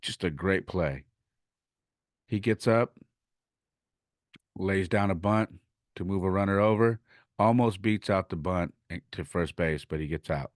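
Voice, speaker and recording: A man's voice: sits low, measured pace, pauses often, no echo, clean studio sound. A man hosting his podcast, animatedly telling a story from coaching youth baseball and retelling conversations in his own words.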